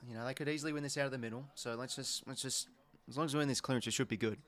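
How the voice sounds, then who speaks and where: An Australian man hosting a live football watch-along, talking as an excitable, sweary fan who reacts to each play. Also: mid-range voice, rapid-fire. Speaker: host.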